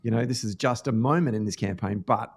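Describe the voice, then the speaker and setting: A man's voice: mid-range voice, fairly quick, gravelly, husky. A man with an Australian accent, hosting a podcast and telling stories earnestly with lots of ums and restarts. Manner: earnest storytelling, with frequent fillers and restarts. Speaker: podcast host. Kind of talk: casual podcast conversation.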